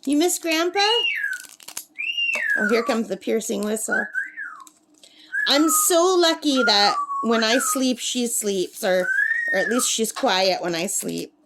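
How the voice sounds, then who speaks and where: A woman's voice: on the high side, lively intonation, measured pace, very noisy. A woman chatting casually to camera at a lakeside camp, laughing often and cooing at her pet bird. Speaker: craft vlogger.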